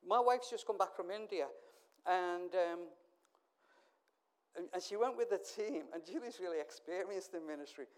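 Man, from England, middle-aged, sermon, high voice, storytelling, hushed to emphatic. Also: normal speed, clean tone. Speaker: preacher.

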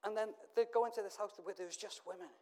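A middle-aged man from England preaching a sermon, telling stories and swinging from hushed asides to loud, emphatic calls. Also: sits high, fairly even intonation, quick pace.

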